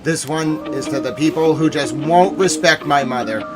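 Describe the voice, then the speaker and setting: A man hosting a casual livestream, talking in an upset, rambling, repetitive way that swings from quiet to loud. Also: fairly high pitch, moderate pace. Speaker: host of a nightly news recap stream.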